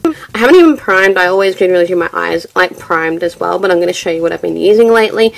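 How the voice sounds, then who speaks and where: A woman's voice: fairly low pitch, animated, quick pace, vocal fry. A young woman with a nasal voice from getting over bronchitis, chatting through a rambling get-ready-with-me beauty vlog. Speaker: beauty vlogger.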